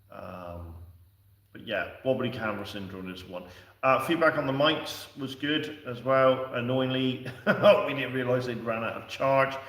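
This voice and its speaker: A man hosts a casual livestream, chatting to viewers in a rambling, easygoing way full of fillers and restarts. His voice sits at an ordinary middle pitch. He sounds set back from the microphone in an echoey room. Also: fairly bright tone. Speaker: livestream host. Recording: echoey room, distant from the mic.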